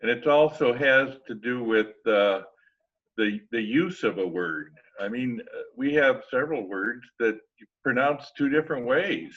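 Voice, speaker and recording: A man's voice: medium pitch, lively intonation, a little slow. A man joining a workshop discussion, commenting hesitantly with fillers. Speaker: workshop participant. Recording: distant, dull video call audio.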